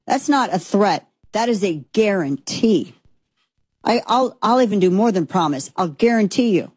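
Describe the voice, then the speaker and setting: A woman's voice: medium pitch, lively intonation, moderate pace, a little mellow, husky, no room sound. A woman giving blunt, heated commentary, recounting a trip in a casual way. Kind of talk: opinionated commentary.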